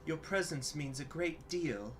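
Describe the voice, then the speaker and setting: A man voicing a polite, formal young woman, a dead man's daughter, speaking high, soft and carefully, with guitar music playing behind. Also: animated, unhurried.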